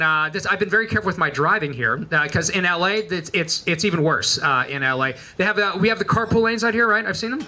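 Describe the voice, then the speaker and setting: A man from Israel doing a stand-up comedy routine in quick, punchy bursts. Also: high voice, lively intonation, bright, forceful tone, faint music behind. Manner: quick punchy joke delivery.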